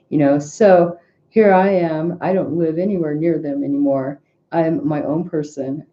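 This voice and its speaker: A woman's voice: sits low, mellow, muffled recording. A middle-aged woman, a tarot reader, telling a personal family story in casual, rambling talk full of restarts and asides.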